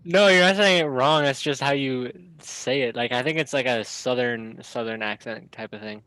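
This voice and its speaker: A man's voice: medium pitch, moderate pace, sharp tone, no room sound, rough recording. A young man, a student, bantering casually in class and hedging with lots of "like.". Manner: hesitant, repeats "like".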